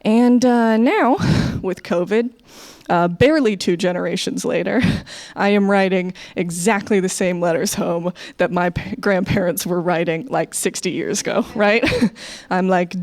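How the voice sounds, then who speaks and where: A young American woman performing a stand-up comedy set, animated and playful, dropping into low confiding asides. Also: measured pace. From United States.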